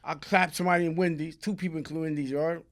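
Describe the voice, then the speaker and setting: A middle-aged man, a guest telling stories in a casual interview, in animated street slang that bursts into loud shouting. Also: a little high, fast. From New York.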